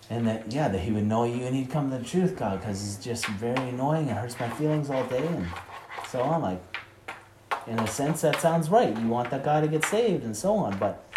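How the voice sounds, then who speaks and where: A man giving an informal sermon, talking conversationally with many fillers and building to emphatic preaching. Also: medium pitch. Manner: frequent "like" and "you know" fillers. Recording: echoey room with loud noise.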